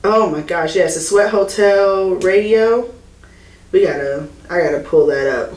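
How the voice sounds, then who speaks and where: A woman from the Atlanta area co-hosting a podcast in casual chat, animated and laughing often as she tells stories. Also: on the low side, unhurried, far from the mic. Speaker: podcast co-host. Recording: roomy echo with faint noise.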